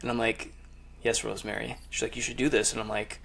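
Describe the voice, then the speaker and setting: A man hosting a podcast in casual chat, relaxed and laughing easily. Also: mid-range voice, fast, creaky. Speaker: podcast host.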